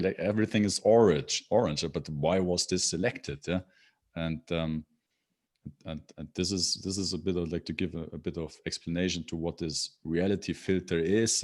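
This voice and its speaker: Low-voiced man, halting and full of fillers. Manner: halting, many fillers and restarts. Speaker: podcast guest. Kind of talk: casual interview chat.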